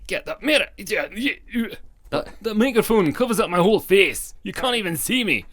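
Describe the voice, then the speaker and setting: A man voicing his own grumpy inner self with a put-on Scottish accent and a gruff, complaining manner. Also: high-pitched, expressive, moderate pace, fairly bright tone, pitched above the performer's own voice. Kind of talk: comedy sketch voice.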